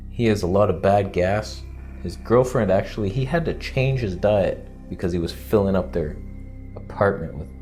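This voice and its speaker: Male vlogger, casual and rambling, low-pitched, self-mocking humor. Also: warm tone. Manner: candid, joking, rambling. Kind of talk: casual vlog monologue.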